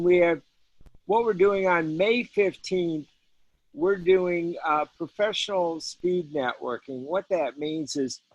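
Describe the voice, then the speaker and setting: A man promoting an event on a video call, speaking very slowly in a halting way. His voice is a bit high, and the sound is dry and dull, like lo-fi call audio. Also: no echo. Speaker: networking event organizer.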